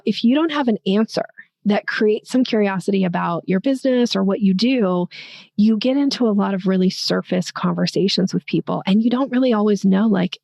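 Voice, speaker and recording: A woman talks through a sales method step by step in a lively, conversational way. Her voice has a gravelly, fry-touched edge. The recording is dry and close, with no room sound. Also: medium pitch, dry recording. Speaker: sales coach and podcast guest.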